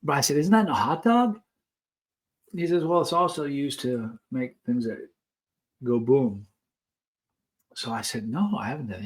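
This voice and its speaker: A man vlogging, telling a long personal story in a chatty, anecdotal way while he tries snacks. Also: mid-range voice. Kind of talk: casual storytelling while taste-testing snacks.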